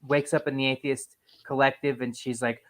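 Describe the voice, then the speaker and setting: A man hosting a casual group chat, rambling and animated, laughing often. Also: medium pitch, moderate pace. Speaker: podcast host.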